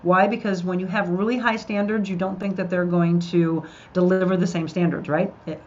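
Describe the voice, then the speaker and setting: Chatty woman host, low and lo-fi. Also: fairly even intonation, normal speed, a little mellow, a little hiss or hum. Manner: upbeat, addresses listeners directly. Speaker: podcast host. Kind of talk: live podcast chat with viewers. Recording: dull lo-fi sound.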